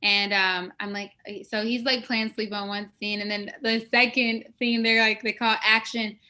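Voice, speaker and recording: A woman's voice: medium pitch, little pitch movement, moderate pace, pushed and bright. A woman actress from West Africa, telling stories from her career in a casual, enthusiastic interview. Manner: enthusiastic, storytelling, restarts often.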